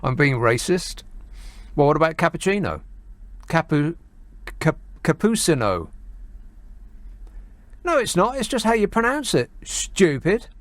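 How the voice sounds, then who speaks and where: A man's voice: fairly high pitch, big pitch swings, measured pace, pauses often, no room sound. A man hosting a radio phone-in, talking sarcastically and chattily, with frequent fillers and mocking asides. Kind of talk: talk radio monologue. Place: radio studio.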